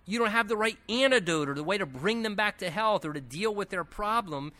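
Male pastor, Bible teaching, lively swooping delivery, slightly high voice, chatty asides. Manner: conversational and animated, with asides and quick self-corrections.

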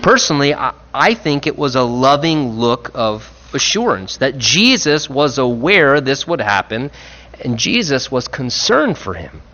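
A man's voice: mid-range voice, big pitch swings, pushed and bright. Earnest male preacher, dull recording. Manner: earnest, reflective, with emphatic rises and slowed key phrases. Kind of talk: sermon.

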